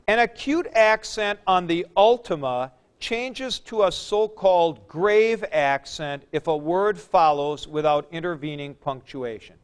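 A man teaching a class, explaining slowly with fillers and "okay?" checks to the students. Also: on the high side, animated, smooth. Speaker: Greek teacher. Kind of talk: classroom lecture.

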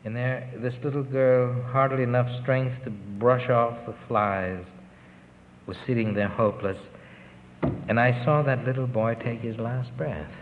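A man's voice: medium pitch, fairly even intonation, slight background noise. Older man recalling relief work, tinny tape. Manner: rambling, earnest storytelling with pauses. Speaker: relief worker. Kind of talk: recorded interview recollection. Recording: tinny, lo-fi tape with long reverb.

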